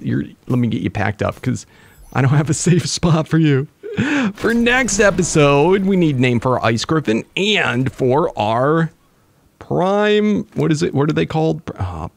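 Excitable gravelly male gamer, lively. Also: a little high, dry recording. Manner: chatty, excitable, talks to viewers. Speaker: gaming YouTuber. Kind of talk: casual gameplay commentary.

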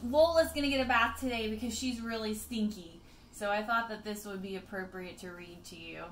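A woman teacher reading a picture book aloud to children, expressive, with chatty asides to her pupils. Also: medium pitch, brisk, roomy sound, a little hiss or hum.

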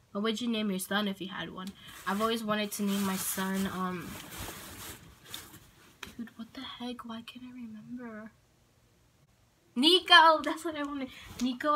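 A woman's voice: medium pitch, fairly bright tone, rough recording. Rambling woman vlogger, casual. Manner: rambling, hesitant, with many ums and likes. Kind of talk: casual Q&A tag video.

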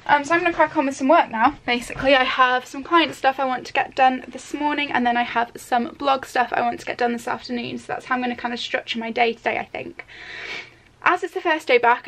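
Young girl vlogging in her bedroom, rambly and chatty, bit of vocal fry, slightly high voice. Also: fairly bright tone. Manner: rambling, chatty, lots of fillers. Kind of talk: casual vlog chat to camera. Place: bedroom at home. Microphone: handheld vlog camera.

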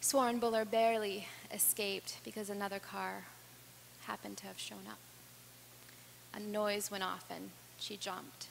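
A woman giving an earnest personal storytelling speech, with dramatic pauses that build in intensity. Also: mid-range voice, animated, gravelly. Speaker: speaker. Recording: reverberant hall with faint hum.

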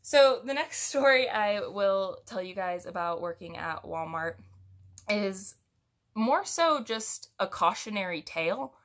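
A woman's voice: medium pitch, lively intonation, unhurried, fairly bright tone. A young woman telling a casual story to her viewers, chatty and rambling, with giggles and restarts. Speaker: storytime vlogger.

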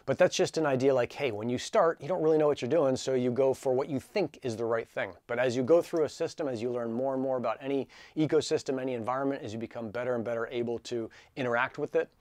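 A man's voice: medium pitch, fast, few pauses, dry recording, clean studio sound. Chatty man vlogging about his hotspots. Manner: chatty and relaxed, with filler words. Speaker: helium hotspot consultant. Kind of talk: casual vlog talk to camera.

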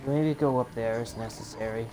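A man's voice: mid-range voice, moderate pace, over music. A man commenting on his own gameplay in a let's play, frustrated and swearing often. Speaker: gamer.

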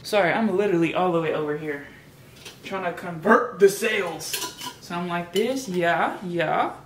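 A woman chatting casually to camera in her home kitchen, slangy and thinking out loud, now and then slipping into a put-on British accent. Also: on the low side, normal speed, slight background noise. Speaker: vlogger. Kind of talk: casual vlog chat.

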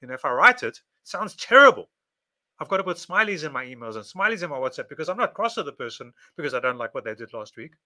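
A man's voice: on the high side, very animated, fast, sharp tone. A man giving a casual monologue to camera, speaking in repetitive, list-like phrases. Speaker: video presenter.

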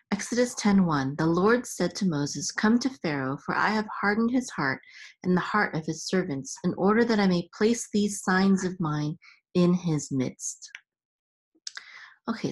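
Woman teacher, lowish voice, very slow and patient, breaks each word into its sounds. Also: slightly rough. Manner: patient, sounds out letters and syllables one by one. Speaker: Hebrew reading teacher and podcast host. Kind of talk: step-by-step reading lesson.

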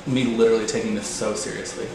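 A man's voice: little pitch movement, quick pace, gravelly, very echoey, over loud music, rough recording. A man giving a casual, self-mocking commentary on a video game he is playing. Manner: playful, self-mocking, sudden high-pitched squeals.

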